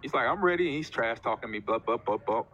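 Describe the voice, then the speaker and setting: A man in his forties, a former professional football player, chatting casually as a guest and telling animated stories with acted-out quotes. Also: mid-range voice, fast, dull audio. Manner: animated storyteller, acts out quotes. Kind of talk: casual chat.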